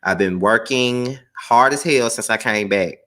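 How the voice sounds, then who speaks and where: A man's voice: mid-range voice, measured pace, sharp tone. A tired man hosting a live stream in casual chat, firm about the rules as he takes calls.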